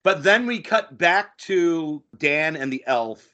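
A man's voice: on the high side, slow pace. A man chatting casually as a podcast host, recapping a TV episode and acting out lines from it. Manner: animated, acts out quoted lines.

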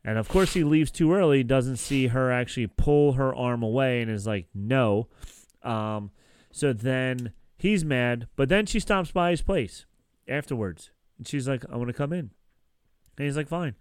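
A man's voice: mid-range voice, normal speed, clear, resonant tone, dry recording. A man casually recapping a TV episode on a podcast, rambling with lots of fillers and restarts. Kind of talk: casual chat.

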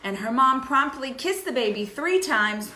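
Bright chatty woman in an echoey room. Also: high-pitched, a little slow. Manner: chatty, lively storytelling. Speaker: podcast co-host. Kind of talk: casual chat.

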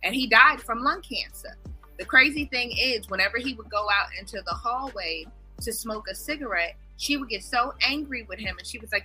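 Emphatic woman chatting in a group talk, kinda husky, higher voice. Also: lively intonation, normal speed, sharp tone, faint music behind, rough recording. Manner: emphatic, opinionated, tells family stories. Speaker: discussion panelist. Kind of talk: casual group discussion.

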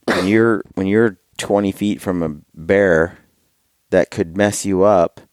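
A man's voice: low voice, fairly even intonation, slow, darkish tone, slight background noise. A man chatting casually as a podcast guest, laid-back and slangy.

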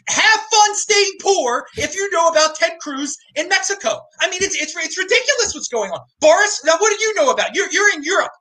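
A man hosting an excited live stream, loud and fast-talking. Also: very high-pitched. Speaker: host.

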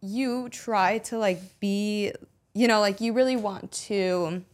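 A woman's voice: medium pitch, slow pace. A woman in her twenties hosting a podcast, chatty, casual and swearing freely. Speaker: podcast host. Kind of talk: casual chat.

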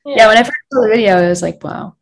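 A woman's voice: on the high side, animated, racing. A young woman talking in a casual chat as a guest, telling a story and quoting others, with lots of "like". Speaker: podcast guest.

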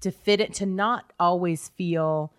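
A woman's voice: on the low side, unhurried, clear, resonant tone, dry recording, studio quality. A woman in her thirties co-hosting a podcast, chatting candidly with self-deprecating humor and frequent laughs. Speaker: podcast co-host. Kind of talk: casual chat.

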